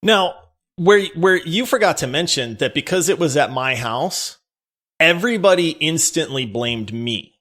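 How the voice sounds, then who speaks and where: A man co-hosting a podcast, telling a story in an animated way, laughing and breaking into near-shouts. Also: on the high side, measured pace. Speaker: podcast co-host.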